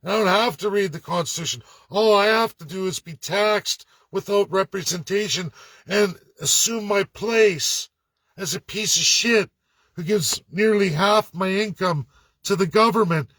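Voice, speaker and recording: A man's voice: high-pitched, unhurried, fairly bright tone, dry recording. Sarcastic ranting man, dry sound. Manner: blunt, sarcastic and profane, mocking put-on voices. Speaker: political commentator. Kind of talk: angry rant to camera.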